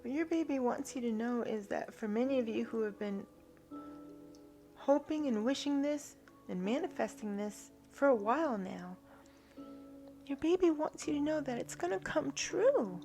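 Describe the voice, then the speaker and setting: A woman giving a spiritual tarot reading in a soft, earnest way, now and then dropping to a hushed whisper. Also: sits high, animated, moderate pace, soft background music. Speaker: tarot reader.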